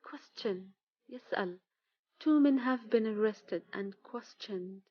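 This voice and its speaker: A woman teaching vocabulary, reading single words and example sentences in a slow, measured way. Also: a little high, muffled recording. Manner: slow, measured reading, one word at a time.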